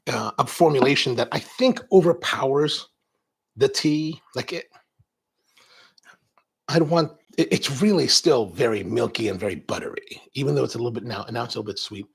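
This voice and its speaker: A man's voice: mid-range voice, normal speed, vocal fry, husky. A man hosting a coffee show, chatting casually in a rambling way, drifting off on tangents and restarting his sentences. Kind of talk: casual chat.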